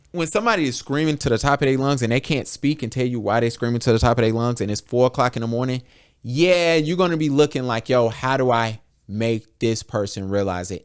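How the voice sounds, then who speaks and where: A man's voice: medium pitch, smooth. A young adult American man hosting a podcast, talking candidly and bluntly with lots of swearing, acting out conversations in quotes. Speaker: podcast host. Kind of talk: candid casual podcast talk.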